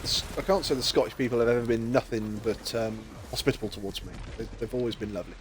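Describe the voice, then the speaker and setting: A man's voice: medium pitch, quick pace, noisy background. A British man streaming a game, telling stories in casual chat and acting out the voices of people he quotes. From Britain. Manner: chatty storyteller, acts out quoted voices with laughs. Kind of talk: casual chat while gaming.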